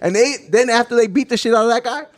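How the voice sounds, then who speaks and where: A man chatting casually on a podcast, telling stories in an animated way, acting out quotes and swearing freely. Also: extremely high pitch, fast, no room sound. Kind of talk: casual chat.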